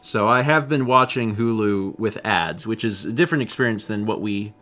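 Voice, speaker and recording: A man co-hosting a live stream, chatting casually, reading chat messages and joking with squeaky put-on voices. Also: normal speed, fairly bright tone, faint music behind. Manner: jokey, breaks into high squeaky put-on voices.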